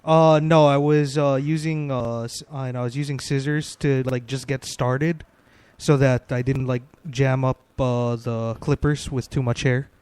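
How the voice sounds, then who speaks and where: A man on a comedy podcast delivering dry, deadpan jokes in casual chat. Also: medium pitch, measured pace, clear, resonant tone. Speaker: podcast co-host.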